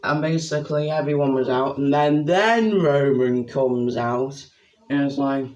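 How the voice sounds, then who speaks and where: A young man giving a rambling, excitable spoken review of a wrestling event. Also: mid-range voice, normal speed, dull audio.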